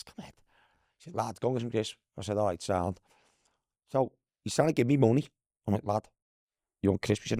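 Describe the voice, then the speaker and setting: A former footballer from Liverpool, England, guests on a podcast, telling casual stories in a Scouse accent with a mid-range, brisk voice. He's animated, mimics the people in his anecdotes, and says "lad" constantly; the studio-quality recording has no echo.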